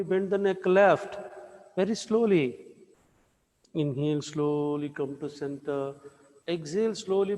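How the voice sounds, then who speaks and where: A man with a fairly high voice gives slow, repeated cues to inhale, exhale and move gently. He leads a guided yoga practice, and his voice rings in an echoey room with a long reverb tail. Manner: slow, repetitive breathing and movement cues. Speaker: yoga instructor.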